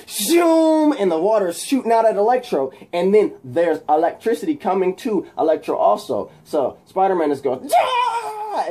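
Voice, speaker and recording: Guy excitedly recapping a movie scene, making sound effects, lots of ums. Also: a little high. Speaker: channel host.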